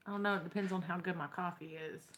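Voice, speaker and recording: A woman's voice: lowish voice, steady tone, quick pace, a bit bright, slight background noise. A young woman with a Texan accent, chatting casually to her viewers and telling wry stories. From Texas. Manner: chatty, storytelling, wry and drawling. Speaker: vlogger. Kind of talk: casual chat to camera.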